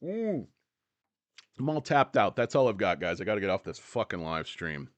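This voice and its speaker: A man's voice: fairly low pitch, very animated, normal speed, dry recording. Rambling, joking man on a dry mic. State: dry-mouthed, voice cracking. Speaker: stock livestream host. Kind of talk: casual livestream chat. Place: hot indoor office.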